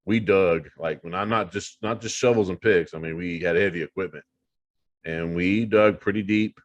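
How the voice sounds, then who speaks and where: Middle-aged male guest with a deep voice; lively, profane, repetitive storyteller. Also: moderate pace, highs cut off. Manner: animated, swears freely, repeats himself for emphasis. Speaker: paranormal investigator guest. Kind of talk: casual storytelling.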